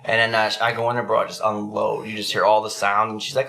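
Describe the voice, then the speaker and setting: A man co-hosting a casual podcast who tells crude stories with lots of swearing and laughter, and jumps into a high squeaky voice to act out other people. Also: fast talker, creaky, hardly any pauses, bright, forceful tone. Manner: laughs often, swears freely. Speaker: podcast co-host.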